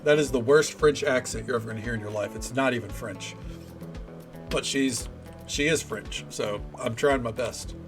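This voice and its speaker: A man's voice: medium pitch, moderate pace, music in the background. A male streamer giving casual, joking commentary while playing a game, swearing freely. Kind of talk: casual let's-play commentary.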